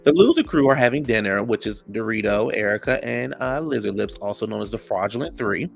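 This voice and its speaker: A man's voice: fairly low pitch, expressive, a little fast, vocal fry, faint music behind. A man giving a sassy, gossipy casual recap of a reality show, calling listeners "child" and "honey.". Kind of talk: casual episode recap commentary.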